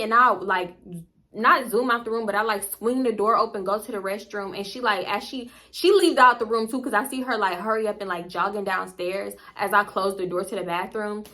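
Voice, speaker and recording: Bright-voiced chatty young woman. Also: medium pitch, moderate pace. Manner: chatty, slangy, swears freely and acts out quotes. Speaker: storytime vlogger. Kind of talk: casual storytime.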